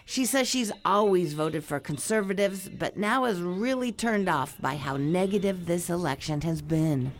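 Lower-pitched woman reporting news. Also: lively intonation. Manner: measured, clear reporting delivery. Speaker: foreign correspondent.

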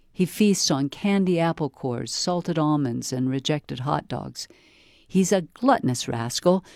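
A reader calmly delivering a wry first-person novel excerpt for a library promotion. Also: medium pitch, no echo, studio quality. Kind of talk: scripted first-person audiobook-style reading.

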